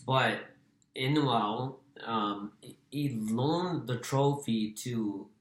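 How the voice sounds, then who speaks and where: A man's voice: mid-range voice, very slow. Ex-boxer man chatting in an echoey room. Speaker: podcast co-host, former boxer. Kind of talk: casual sports chat.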